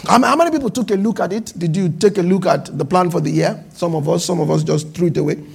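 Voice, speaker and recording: A male pastor preaching in a high, gravelly voice with a husky edge. He speeds through asides, then slows right down to stress key phrases. He often repeats and restarts his words. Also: darkish tone. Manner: preaching with swings between fast asides and slow, drawn-out emphasis. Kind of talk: sermon.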